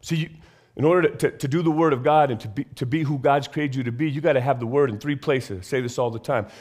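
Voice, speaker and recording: A man preaching a sermon in a church, reading scripture and praying, rising to emphatic bursts and dropping low and slow. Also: a little mellow. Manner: rises to emphatic high bursts, then drops low and slow. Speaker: pastor. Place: church sanctuary.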